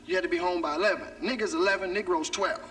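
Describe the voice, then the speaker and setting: Man, stand-up comedian, very high voice, acts out characters, shouts, distant mic, loud noisy recording. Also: fast. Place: stage before a live audience.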